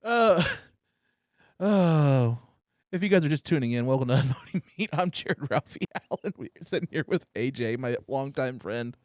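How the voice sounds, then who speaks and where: A man hosting a casual podcast, telling crude stories loudly and teasing his guest. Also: mid-range voice, lively intonation, normal speed, no echo, studio quality. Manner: loud, teasing, swears a lot. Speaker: podcast host. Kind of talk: casual chat, crude storytelling. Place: room at home.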